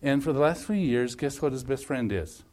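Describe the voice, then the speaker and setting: A man leading a family workshop, coaching a couple in front of a group through animated, emphatic hypothetical scenarios. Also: mid-range voice, normal speed. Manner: repetitive, emphatic phrasing.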